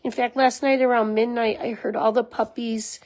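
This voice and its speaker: Woman dog rescuer, fairly high-pitched, chatty and rambling, coos at animals in a room at home. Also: flat delivery, moderate pace, poor audio. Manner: chatty and rambling with many ums, softening into baby talk for the dog. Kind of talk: casual talking-head explainer to camera. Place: small room at home with a puppy pen, indoors.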